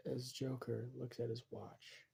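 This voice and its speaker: A man improvising a dark story aloud, rambling and hesitant, often correcting himself. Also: mid-range voice, flat delivery, a little slow, creaky, breathy edge.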